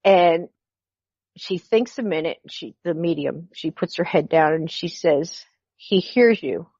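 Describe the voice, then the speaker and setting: Middle-aged woman, animated storyteller acting out dialogue; low-set voice, dull lo-fi recording. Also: unhurried, slightly rough, no echo. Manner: animated, acts out quoted dialogue. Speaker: podcast guest. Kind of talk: personal storytelling.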